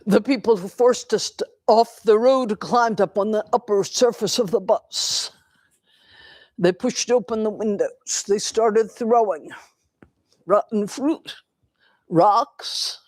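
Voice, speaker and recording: Older woman, dharma talk, unhurried reflective storytelling, dry close sound. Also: medium pitch, a little mellow, dry recording. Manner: slow, reflective storytelling with pauses. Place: temple hall.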